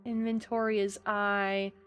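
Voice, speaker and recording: A young adult woman streaming a game live, chatting and muttering to herself with sudden high outbursts. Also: little pitch movement, unhurried, a little hiss or hum. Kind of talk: live gameplay commentary.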